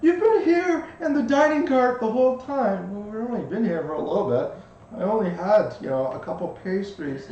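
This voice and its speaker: Guy gm-ing a tabletop game, jokey and sweary, lively up-and-down voice, far off in a big echoey room. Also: high-pitched, moderate pace, highs cut off. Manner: loose, joking, swears casually. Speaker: game master. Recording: very echoey room, distant mic, faint hiss.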